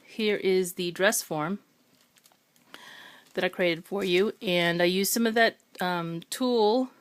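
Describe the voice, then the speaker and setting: A woman's voice: on the low side, slow, clear, resonant tone, no room sound. Chatty woman showing her crafts. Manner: chatty, many ums, self-correcting. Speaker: craft video maker. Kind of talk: casual show-and-tell.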